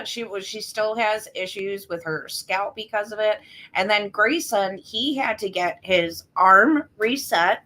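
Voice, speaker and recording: A woman's voice: mid-range voice, a bit bright. A woman co-hosting a casual podcast chat, talking in rambling bits full of restarts and fillers. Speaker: podcast co-host.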